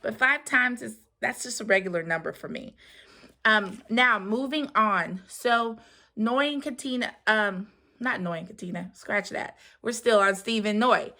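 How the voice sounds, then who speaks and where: A woman's voice: a little high, normal speed, sharp tone. A young adult woman hosting a casual recap of a reality show, talking in a chatty way with lots of fillers and the odd sigh. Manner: chatty, with many fillers and sighs.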